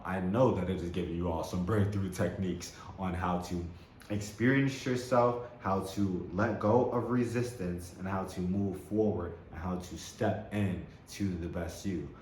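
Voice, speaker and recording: Man, low-pitched, spiritual self-help host, enthusiastic, repetitive phrasing, echoey room, faint hiss. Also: darkish tone. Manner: enthusiastic, repeats words, laughs often. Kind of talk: motivational spiritual talk. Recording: roomy echo with faint background noise.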